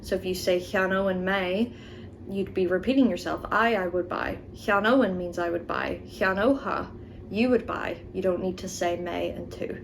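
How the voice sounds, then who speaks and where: A woman teaching grammar, explaining rules and slowly saying each example word twice for the listener to repeat. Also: on the low side, gravelly, a little hiss or hum, poor audio. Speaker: Irish language teacher. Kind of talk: explaining grammar and modeling pronunciation.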